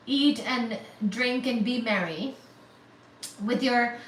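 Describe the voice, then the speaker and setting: Bubbly high-voiced woman chatting on a livestream. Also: slow pace, pauses often. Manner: gushing, excitable, thanks donors by name. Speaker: livestream host. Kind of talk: casual livestream chat. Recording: echoey room, mic at a distance, faint static.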